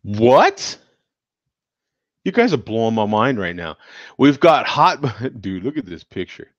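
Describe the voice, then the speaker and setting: Slow, lively-pitched American man chatting. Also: no echo. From United States. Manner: laughs often, animated exclamations. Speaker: show host. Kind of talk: casual chat, reacting to viewer comments. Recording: dull, dry lo-fi sound.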